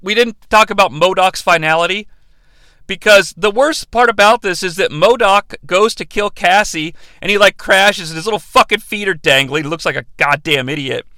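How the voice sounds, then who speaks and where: A man's voice: high voice, moderate pace, bright, forceful tone, no echo. A man hosting a movie review show and ranting without a script, profane and emphatic. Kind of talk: unscripted rant-style review.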